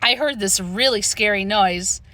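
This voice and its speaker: Expressive female narrator, bright and lively, dry close sound, children's book reading. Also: mid-range voice, unhurried, no echo. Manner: expressive, storytelling. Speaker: audiobook narrator.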